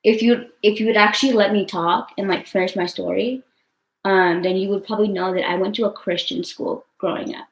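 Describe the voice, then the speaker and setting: Upset young woman venting, flat-toned. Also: mid-range voice, fairly quick. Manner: rambling, frequent swearing, many fillers. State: upset and tearful. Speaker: vlogger answering live chat. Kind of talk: casual livestream venting. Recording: roomy echo.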